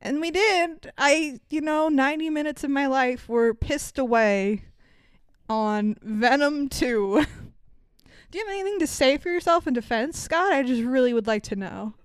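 A woman's voice: sits high, unhurried, dry recording. A woman co-hosting a podcast, chatting casually and swearing freely as she tells a story with mocking quoted voices. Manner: profane, animated storytelling with mock quotes. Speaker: podcast co-host. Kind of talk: casual chat.

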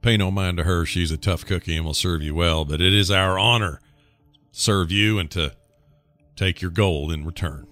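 A man playing a tabletop game and speaking in character in a gruff, laid-back way. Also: low-pitched, moderate pace, a bit bright, faint music behind. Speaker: player.

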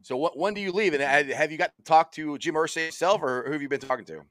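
A man's voice: on the high side, fast talker, fairly bright tone, no echo, studio quality. A man hosting a radio interview, enthusiastic and often repeating words as he asks questions. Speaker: radio host.

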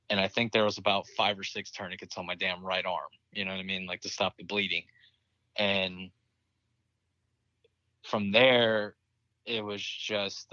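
A man's voice: on the low side, bright, forceful tone, dry recording, highs cut off. A young man, a military veteran, candidly telling a war story in casual conversation, swearing freely and laughing at grim moments. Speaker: interview guest, military veteran.

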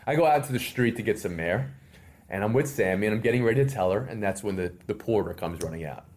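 A man's voice: fairly low pitch, quick pace. A middle-aged man, a podcast guest, telling a long story with lots of energy and putting on voices for the people in it. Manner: lively, theatrical, acts out other people's lines. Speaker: interview guest. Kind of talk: animated storytelling.

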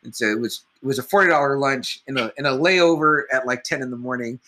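A man's voice: medium pitch, quick pace, pushed and bright. A man co-hosting a podcast, chatting casually about comedy movies, rambling, swearing often and a little tipsy. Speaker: podcast co-host.

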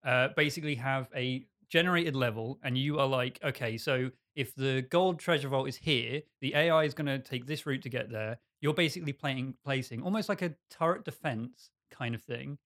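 A man hosting a podcast, pitching a game idea in a rambling, self-mocking way and laughing often. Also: moderate pace, few pauses, a bit bright. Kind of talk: casual chat.

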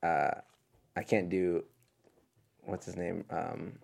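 Gravelly man joking around on a talk show. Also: low voice, flat delivery, darkish tone. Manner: jokey, tries quick impressions. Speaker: co-host. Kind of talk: casual chat.

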